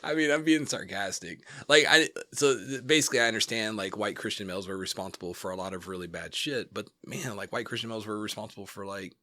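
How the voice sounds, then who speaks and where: Guy cohosting a podcast, talks blunt and swears, lots of "like"s, bright kinda tense tone, low-ish voice. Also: fast, hardly any pauses, no room sound, studio quality. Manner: rambling, many "like" fillers, blunt and profane. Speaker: podcast co-host. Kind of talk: casual chat. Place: home studio. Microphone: studio mic.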